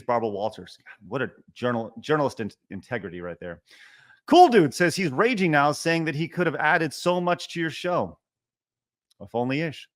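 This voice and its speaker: Man streaming, lively swooping voice, bright and forceful, mock-refusing donations, reading chat aloud. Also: a little high. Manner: mock-protesting, animated, reads donor messages aloud. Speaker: streamer reading super chats. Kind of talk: casual livestream chat.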